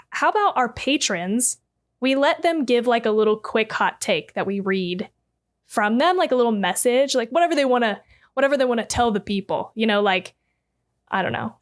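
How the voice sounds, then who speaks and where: A giggly woman co-hosting a podcast with a slightly higher voice. She rambles in loose, casual chat, peppered with fillers and laughs. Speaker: podcast co-host.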